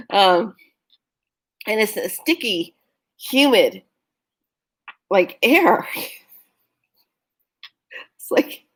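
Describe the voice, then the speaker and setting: A woman giving a casual spiritual talk, earnest and urging, who often laughs while telling stories. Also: mid-range voice. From California. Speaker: spiritual vlogger.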